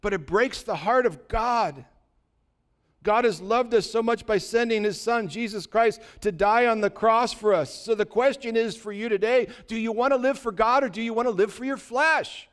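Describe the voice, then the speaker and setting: A man's voice: sits high, normal speed, fairly bright tone, clean tone. A pastor preaching a sermon, asking his congregation rhetorical questions and telling a story with acted-out dialogue. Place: church.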